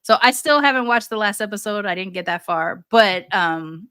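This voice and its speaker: A woman's voice: mid-range voice, normal speed, a bit bright, clean tone, no echo, studio quality. A woman co-hosting a podcast, talking casually and thoughtfully, with many fillers and restarts. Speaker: podcast co-host. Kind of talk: casual chat.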